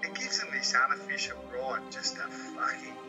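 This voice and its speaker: A man's voice: mid-range voice, animated, normal speed, over music, low-quality recording. An Australian man telling a crude, laughing story in casual podcast chat. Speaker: guest.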